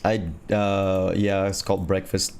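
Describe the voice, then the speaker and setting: A man's voice: low-pitched, completely flat delivery, a little slow, darkish tone, clear, resonant tone. A man streaming a game and chatting casually with friends, laughing often between remarks. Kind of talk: casual gaming stream chat.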